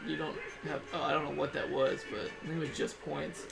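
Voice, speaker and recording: A man's voice: fairly high pitch, steady tone, fairly quick, creaky. A young man hosting a casual gaming session, joking and laughing often. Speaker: host. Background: game music.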